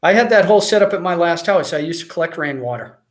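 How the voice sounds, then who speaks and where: A man's voice: a little high, expressive, fast talker. An American man hosting a casual livestream, reading viewer comments and chatting in a rambling way with lots of fillers and restarts. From United States. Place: Mexico.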